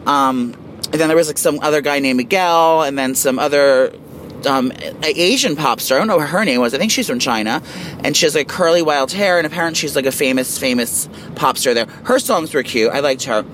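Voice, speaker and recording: A man co-hosting a casual celebrity gossip chat, animated, catty and quick with opinions. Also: fairly high pitch, a little hiss or hum. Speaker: co-host.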